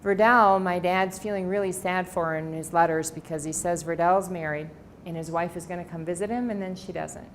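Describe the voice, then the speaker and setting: A middle-aged woman speaks at a library presentation, her voice sitting a little low. She tells family anecdotes, acting out the lines of the people in them. Faint background noise stays under her voice. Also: steady tone, brisk. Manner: warm anecdotal storytelling with quoted dialogue. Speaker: author giving a library talk. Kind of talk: personal storytelling talk.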